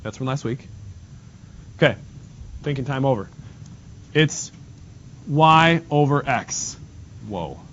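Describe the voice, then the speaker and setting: A male math teacher teaching in a classroom, quizzing students and repeating key points in a brisk way. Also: medium pitch, animated, fairly bright tone. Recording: dull lo-fi classroom recording with noise.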